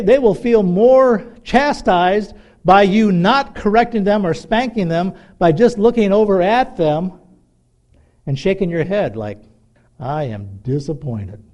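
A middle-aged man preaching a sermon in a conversational, animated way, acting out little dialogues. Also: high voice. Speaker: pastor.

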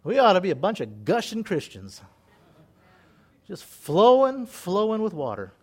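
A man with a high voice and wildly swooping pitch preaches a bit slowly. As pastor, he's folksy and joking, breaking up scripture readings with comments and laughing at his own asides.

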